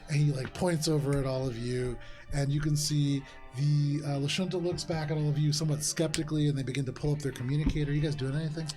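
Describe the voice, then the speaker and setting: Rambling game master, higher voice. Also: male voice, steady tone, quick pace, warm tone, faint music behind. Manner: casual, rambling, full of fillers. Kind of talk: narrating a tabletop game.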